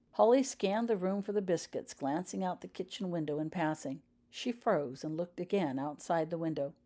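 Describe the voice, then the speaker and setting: A woman reading her own story aloud in an unhurried, detailed narration. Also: lowish voice, dark tone. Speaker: author reading her own fan fiction. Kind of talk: audiobook-style story narration.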